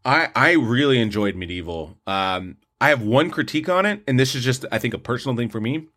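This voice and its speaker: A man's voice: medium pitch, lively intonation, brisk, a bit bright. Chatty man reviewing movies on a podcast. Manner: rambling, many restarts, opinionated. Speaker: podcast co-host, film reviewer. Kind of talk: casual movie review chat.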